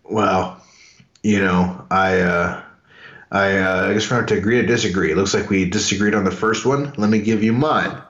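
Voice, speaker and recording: A man co-hosting a casual fight-sports podcast, talking conversationally and pausing on fillers as he thinks. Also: low-pitched, fairly bright tone, roomy sound. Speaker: podcast co-host. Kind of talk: casual MMA podcast chat. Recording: slightly dull lo-fi audio.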